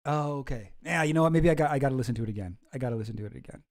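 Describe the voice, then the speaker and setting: A man's voice: mid-range voice, rapid-fire, a little mellow. A man hosting a casual livestream, rambling and chuckling as he reacts to chat. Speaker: streamer host.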